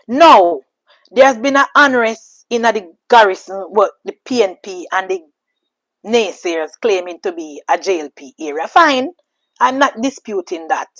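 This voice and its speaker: High-voiced Jamaican woman preaching politics. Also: dry recording, rough recording. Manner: emphatic, repetitive, preachy. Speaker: political commentator. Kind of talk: impassioned political monologue.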